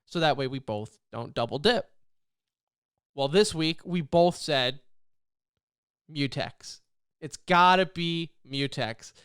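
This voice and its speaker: A man co-hosting a casual esports podcast, talking in an animated, rambling way and laughing often. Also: a little high, takes it slowly, pauses often, clean tone, dry recording, clean studio sound. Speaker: podcast co-host.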